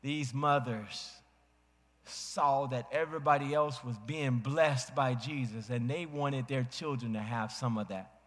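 A man preaching a sermon as a pastor, telling a family story dramatically and acting out voices with big swings in pitch. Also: measured pace. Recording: long hall reverb.

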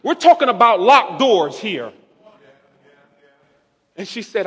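Young male preacher, lively story-driven sermon, crisp bright tone, reverberant hall sound. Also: high-pitched, slow. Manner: animated, quotes others in softened voices.

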